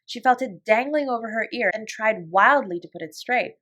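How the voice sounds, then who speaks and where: Expressive woman reading a bedtime story. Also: fairly high pitch, normal speed. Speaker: audiobook reader.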